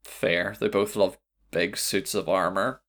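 A podcast host chats casually and playfully while reading out listener suggestions. His voice is low-pitched and a bit bright, with a steady tone and slow pace.

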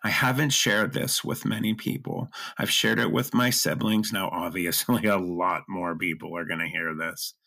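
A middle-aged man telling a personal story as an interview guest, earnest and emotional, with halting restarts. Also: sits low, creaky, sharp tone.

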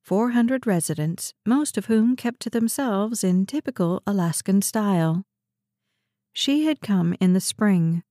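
A woman reading a suspense novel aloud as an audiobook narrator, in a steady, even storytelling read. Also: medium pitch, unhurried, no room sound, studio quality. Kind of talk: scripted narration.

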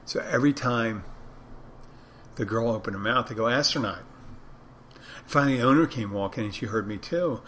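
A man's voice: medium pitch, normal speed, long pauses, fairly bright tone, slight background noise. A man who works as a bartender, hosting a podcast and telling a rambling anecdote in a casual monologue, acting out both sides of the conversation. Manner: rambling anecdotes, acts out dialogue.

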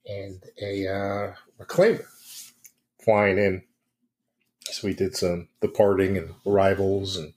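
A man's voice: fairly low pitch, gravelly. A man co-hosting a podcast, chatting in a rambling way with many fillers and self-corrections. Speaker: podcast co-host. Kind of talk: casual podcast chat.

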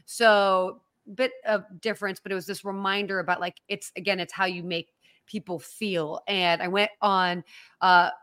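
A woman's voice: mid-range voice, fairly even intonation, moderate pace, fairly bright tone, clear, resonant tone, dry recording, clean studio sound. A woman co-hosting a hospitality podcast, chatting casually and laughing easily. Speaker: podcast co-host. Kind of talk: casual chat.

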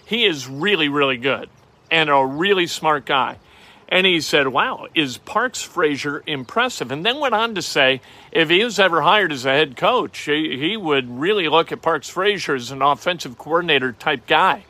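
A middle-aged man hosting a casual, opinionated sports talk show, animated and wry. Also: a little high, normal speed. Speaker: sports podcast host.

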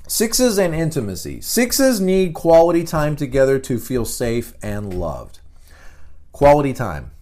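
Animated man teaching casually. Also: medium pitch, unhurried. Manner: animated, repeats words and restarts. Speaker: podcast host.

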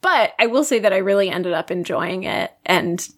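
A woman co-hosting a podcast in relaxed, casual chat. She talks chattily, with frequent fillers such as "like". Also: mid-range voice, normal speed. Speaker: podcast co-host.

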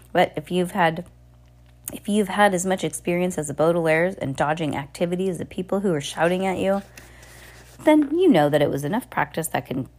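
A woman casually reading a novel aloud, stumbling and restarting often, with little spoken asides, and lifting her voice for the characters' lines. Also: a little mellow. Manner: raises pitch for characters' lines. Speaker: amateur audiobook reader.

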